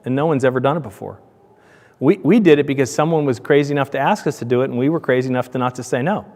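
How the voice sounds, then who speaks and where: At a conference, a donut shop owner gives a storytelling presentation in an animated way, raising his pitch to act out dialogue. The conference hall lends the recording noticeable reverb.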